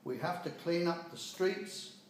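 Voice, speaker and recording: Older man, higher-pitched, blunt, impassioned scold, heavy room echo. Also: measured pace. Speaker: speaker giving a personal message. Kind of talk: impassioned monologue. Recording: very echoey room.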